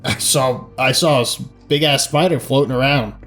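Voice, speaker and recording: A man's voice: medium pitch, moderate pace, fairly bright tone, soft background music. Casual man playing a tabletop character. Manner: casual, hesitant, playful in character. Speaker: player. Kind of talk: casual tabletop role-play.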